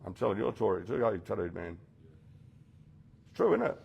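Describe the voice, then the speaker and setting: A man's voice: on the low side, very animated, moderate pace, creaky, breathy edge, highs cut off. A man leading a rehab group, giving a blunt, confronting talk that speaks straight to his listeners and acts out the voices he quotes. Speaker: rehab program leader speaking to residents.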